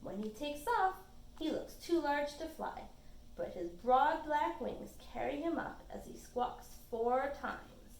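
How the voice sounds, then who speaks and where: Animated woman reading a picture book aloud. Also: sits high, slow, roomy sound, background noise. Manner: expressive reading to children, chatty asides. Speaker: children's librarian. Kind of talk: storytime read-aloud.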